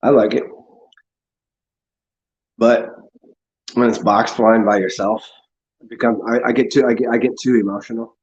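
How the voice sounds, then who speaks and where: This livestream host speaks at a steady tone and moderate pace, pausing often, and the sound is lo-fi. He rambles with sarcasm, curses, and mimics people in exaggerated high voices to mock them.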